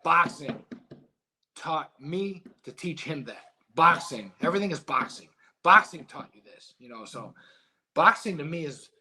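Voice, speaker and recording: A middle-aged man, a former boxer being interviewed, who tells stories in a casual, animated and emotional way and swears freely. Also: fairly high pitch. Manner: emotional, animated storytelling with profanity. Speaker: guest, former heavyweight boxer.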